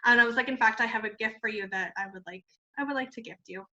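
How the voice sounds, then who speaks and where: A woman who founded a cosmetics company tells a story in an interview, animated, laughing often and filling her talk with "like". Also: fairly high pitch, fast. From Canada. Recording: muffled lo-fi sound.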